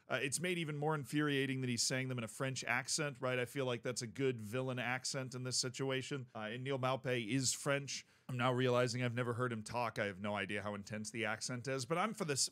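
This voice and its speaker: A man with a mid-range voice gives casual, rambling sports commentary. He tells it like a story, cracks jokes along the way and gets more and more worked up and animated. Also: mid-range voice. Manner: animated, joking storyteller who works himself up.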